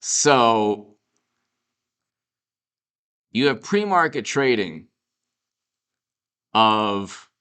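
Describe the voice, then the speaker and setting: A man's voice: fairly low pitch, lively intonation, very slow, pauses often, sharp tone, clean tone. A man giving off-the-cuff political commentary, mocking and sarcastic, rambling with restarts. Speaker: political commentator and show host.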